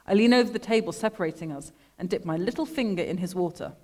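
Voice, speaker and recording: A woman artist reading her own literary text aloud to an audience in a measured, deadpan way, speaking into a microphone. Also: fairly low pitch. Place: lecture room at an art school.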